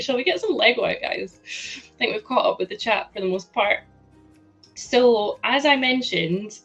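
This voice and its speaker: Scottish woman, livestream host, bubbly and giggly, mid-pitched voice, faint music underneath. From Scotland. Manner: bubbly, laughs often, greets chat excitedly. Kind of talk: casual livestream chat while building.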